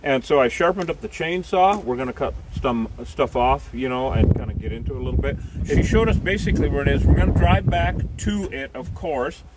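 A man's voice: medium pitch, lively intonation, a little fast, few pauses. A man hosting a casual vlog outdoors, joking and rambling, his speech slightly slurred after dental surgery. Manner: jokey, rambling, self-mocking. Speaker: host. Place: outdoors on rural property. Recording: distant mic with loud outdoor noise.

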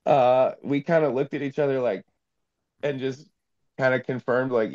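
A man's voice: mid-range voice, fairly even intonation, normal speed, a little mellow, dull audio. A young man telling a story in a casual, rambling way full of fillers, heard over a video call. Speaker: panel guest.

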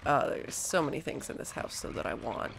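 A woman's voice: rumbling low, big pitch swings, a little fast, vocal fry, background noise. A young woman giving let's play commentary on a horror game, panicking and swearing as she talks back to the game. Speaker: gaming streamer.

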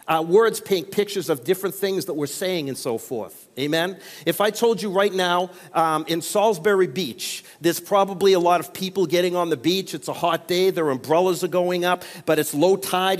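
New guy preaching, pretty high voice, big echoey church hall, keeps asking amen?. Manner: call-and-response preaching, frequent amens. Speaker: pastor. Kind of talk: sermon. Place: church sanctuary. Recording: long reverb of a church hall.

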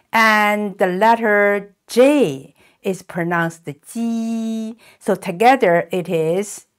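A woman teaching a language lesson, speaking clearly and modelling pronunciation by repeating words with drawn-out tones. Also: medium pitch.

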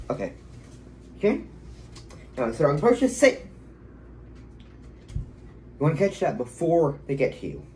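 Dog trainer guy at home, mellow low-key voice, chatty how-to with quick sit and back-up commands. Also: very animated, slight background noise. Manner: casual, explains while giving short commands to a dog. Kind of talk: casual how-to video. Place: at home, indoors.

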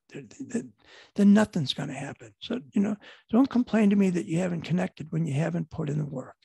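A man's voice: high voice, no room sound. A middle-aged man from Buffalo, New York, with a Western New York accent, telling a heartfelt personal story as a guest speaker, rambling and repeating himself earnestly. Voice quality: gravelly, husky voice.

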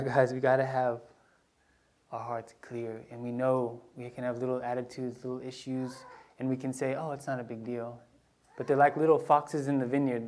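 A man's voice: mid-range voice, a little mellow. A male pastor preaching a conversational sermon, telling personal stories with casual asides and restarts. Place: church sanctuary.

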